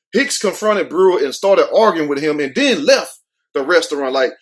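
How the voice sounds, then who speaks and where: A young adult man hosting a comedic news commentary show, loud and mocking, full of street slang and acted-out quotes. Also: fairly high pitch, big pitch swings, brisk.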